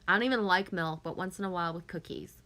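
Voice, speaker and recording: A woman's voice: on the low side, quick pace, pushed and bright. A woman hosting a casual live stream, chatting with viewers, reading their comments aloud and laughing often.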